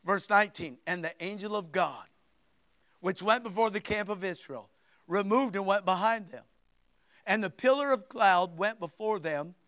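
Preacher, male: high and crisp, emphatic sermon delivery, dry close sound. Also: no echo. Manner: emphatic, swings from loud to hushed. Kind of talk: sermon reading scripture aloud.

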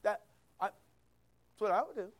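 A man's voice: sits high, animated, measured pace. A man preaching a sermon as pastor, reading scripture aloud and asking the listeners questions in a conversational way.

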